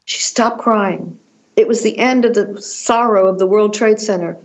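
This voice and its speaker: This older woman talks in an animated, storytelling way, tumbling through her sentences and repeating herself as the story builds. Her pitch sits in the middle of the range for a woman. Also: normal speed, rough recording. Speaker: fashion designer guest. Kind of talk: conversational storytelling.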